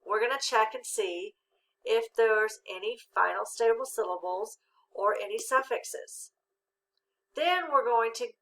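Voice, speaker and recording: A woman teaches a children's phonics lesson in a bright, clear voice at a middle pitch. She talks slowly and patiently, asks questions and pauses to let the children answer. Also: rough recording.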